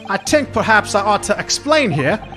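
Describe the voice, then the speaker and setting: A man's voice: high voice, very animated, moderate pace, voice pushed up. A man voicing a chatty middle-aged male witness in a clumsy put-on Irish brogue, telling his story in a folksy, rambling way. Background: background music.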